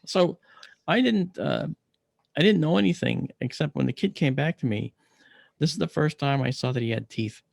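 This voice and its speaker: A man giving a talk, telling a personal story with slides and acting out his own shouted replies. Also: fairly high pitch, lively intonation, moderate pace, gravelly, dry recording, clean studio sound. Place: lecture event.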